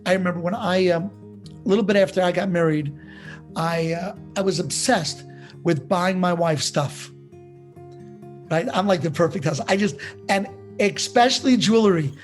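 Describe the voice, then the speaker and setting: A man, a rabbi teaching a class, telling a parable in a lively, conversational way and putting questions to his listeners. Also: high-pitched, moderate pace, long pauses, soft background music. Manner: animated storyteller who acts out dialogue; conversational, asks the audience questions.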